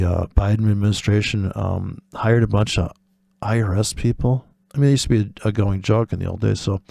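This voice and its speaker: A man with a low, dark, gravelly voice talks through trading in a loose, rambling monologue. He is sardonic and swears freely, wanders into tangents, and slips into mock voices to make his point. The sound is dry and close. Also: no room sound. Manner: acts out imagined voices in quotes. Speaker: forex trading video host.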